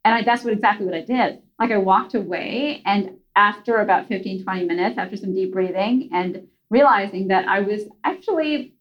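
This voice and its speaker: A woman's voice: mid-range voice, a little fast, few pauses. A woman guest tells a story in a chatty, easygoing way. She backtracks and fills gaps with words as she goes. The audio sounds slightly muffled. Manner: chatty, with many fillers and restarts. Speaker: podcast guest. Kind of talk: casual storytelling conversation.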